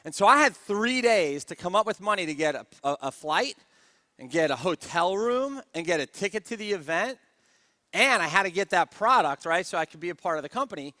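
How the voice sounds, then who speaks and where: A man with a high, ringing voice gives a motivational stage talk about network marketing. He tells his story with energy and keeps asking the room for answers. The sound is close and dry. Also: lively intonation, brisk, sharp tone, dry recording.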